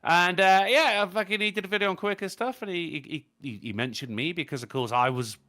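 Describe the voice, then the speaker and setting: A man's voice: high-pitched, brisk, sharp tone. A man from England, co-hosting a casual chat and rambling in a jokey, profane way. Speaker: podcast co-host.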